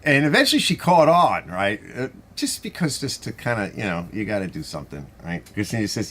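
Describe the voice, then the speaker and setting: A middle-aged man with a New York accent rambles through a relaxed live-stream chat, reading out viewer comments as he goes. His voice sits fairly low, and his talk wanders with lots of restarts and asides. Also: a little fast, hardly any pauses. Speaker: host of a garage channel live stream.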